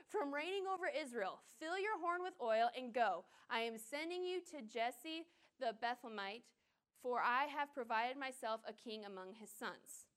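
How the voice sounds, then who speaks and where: A woman preaching an informal sermon in a light, high voice. She reads scripture, then jumps into playful acted-out lines and self-deprecating laughs, keeping it conversational. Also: smooth. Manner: lively, laughs at herself, acts out scenes in quick voices. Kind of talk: casual sermon with scripture reading.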